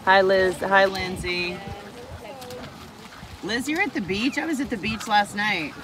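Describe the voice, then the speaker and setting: A woman hosting a live-stream vlog from a small boat on a crocodile lake, chatty and excitable, greeting and thanking viewers. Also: medium pitch, a little slow. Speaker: vlog host. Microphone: phone held by the speaker. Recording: loud boat engine noise outdoors.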